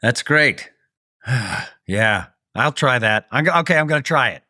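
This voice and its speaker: A man's voice: medium pitch, lively intonation, measured pace, pushed and bright, dry recording, studio quality. A man co-hosting a podcast, a character actor talking in a playful, self-deprecating casual chat.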